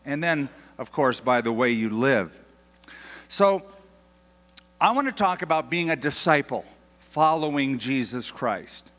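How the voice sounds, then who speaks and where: An older American pastor preaching a sermon in a conversational, emphatic way, slowing down to stress key phrases. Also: male voice, mid-range voice, animated, a bit bright. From United States. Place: large church hall. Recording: long hall reverb.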